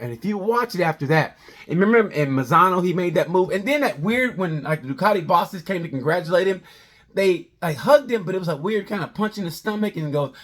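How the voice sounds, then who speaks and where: A man with a slightly higher-than-average voice rambles through a comedic race review. He jumps between tangents in an animated, conversational way. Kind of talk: comedic sports review monologue.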